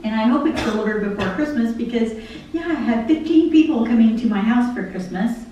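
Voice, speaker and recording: A woman's voice: fairly high pitch, animated, brisk, dark tone. A woman giving a conversational devotional talk, chatting about her busy week and listing chore after chore. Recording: very echoey room from far off, faint hum.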